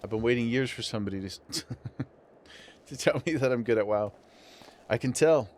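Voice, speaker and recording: A man's voice: mid-range voice, moderate pace, a little mellow. A man streaming a game, chatting casually and laughing as he talks to his viewers. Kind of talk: casual livestream chat.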